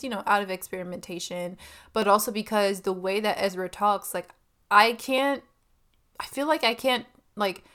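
A woman's voice: medium pitch, clear, resonant tone. A young woman chatting casually about a film, giggling and full of fillers and asides.

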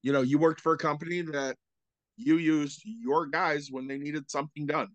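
Male podcast co-host, slightly high, dry close sound, steers with prompts. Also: fairly even intonation, moderate pace, dry recording, highs cut off. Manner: steers the talk with short prompts. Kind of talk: casual chat.

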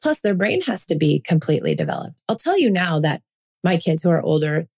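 Earnest woman with a low voice. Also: wildly swooping pitch, a little fast, creaky, a little mellow, slightly rough. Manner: earnest, reassuring, coaching tone. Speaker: parenting podcast host. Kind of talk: reflective podcast monologue.

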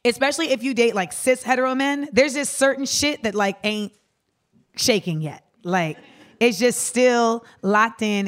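Woman host, live podcast, slangy, frank, laughs a lot, middle pitch. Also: fairly bright tone. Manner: casual, frank, laughs often, uses slang and profanity. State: losing her voice. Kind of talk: live podcast chat with audience. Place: live show venue with audience.

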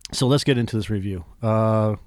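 A man's voice: on the low side, a little mellow, no room sound. A man co-hosting a casual movie review podcast, blunt and swearing freely, often cutting in on his co-host.

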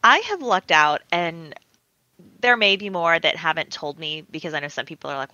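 A woman co-hosting a podcast, chatting casually with a very lively, swooping delivery. Her voice is bright and sharp, close and dry on the mic. The recording itself sounds a bit dull and lo-fi. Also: on the low side, normal speed, no echo. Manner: animated storytelling, acts out quoted voices. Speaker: podcast producer and co-host.

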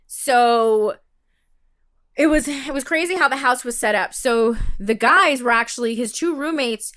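Young woman, high pitch, bright tone, casual rambling storytelling, animated quotes. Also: a little slow.

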